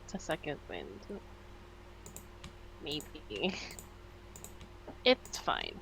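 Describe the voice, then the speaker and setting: A woman playing a tabletop game, relaxed and cheering on her companion. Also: sits low, drawn-out words, slight background noise, rough recording. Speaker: player.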